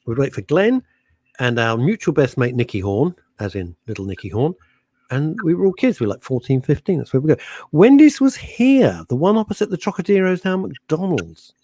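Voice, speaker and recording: A talkative man co-hosts a radio chat show and laughs often as he tells his stories. His voice is slightly husky and his pitch swings up and down a lot. The studio sound is dry and close. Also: very animated, a little fast, darkish tone, dry recording. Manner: laughing, chatty storyteller.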